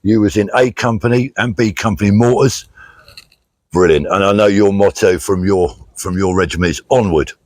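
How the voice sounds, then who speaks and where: A middle-aged British charity walker hosts a relaxed vlog outdoors on a country walk. He chats plainly, reads thank-yous to donors and fills his speech with fillers, using a fairly low, a little mellow voice at a moderate pace in a dry recording.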